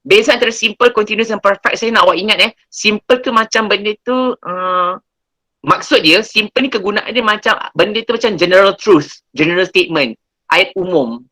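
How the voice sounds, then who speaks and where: A man's voice: high voice, a little fast, pushed and bright, low-quality recording. A male English teacher with a Malaysian accent, explaining grammar in an online class and often checking that students follow. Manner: explanatory, code-switching, checks understanding.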